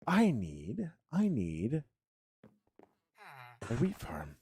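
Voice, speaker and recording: A man's voice: mid-range voice, wildly swooping pitch, drawn-out words, warm tone, a little hiss or hum. A man streaming a block-building game, chatting casually with dry, self-mocking sarcasm. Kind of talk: casual live gameplay commentary.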